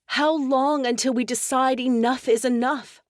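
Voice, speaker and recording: A woman reader doing a distraught young wife in an audiobook, pitched well above her narrating voice and pushed louder. Her pleading lines crack with tears. The sound is close and dry. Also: fairly even intonation, measured pace, no echo. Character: anguished young wife, tearful and desperate. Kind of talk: audiobook character dialogue.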